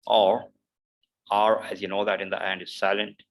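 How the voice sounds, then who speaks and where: A man's voice: lowish voice, flat delivery, low-quality recording. A man teaching English pronunciation in an online lesson. He says each example word over and over, with frequent fillers between points. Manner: repeats each word slowly several times, with loose fillers.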